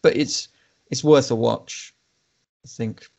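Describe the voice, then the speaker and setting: A man co-hosting a podcast, casually reviewing a film with relaxed opinions and the odd restart. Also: medium pitch, takes it slowly, creaky. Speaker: podcast co-host.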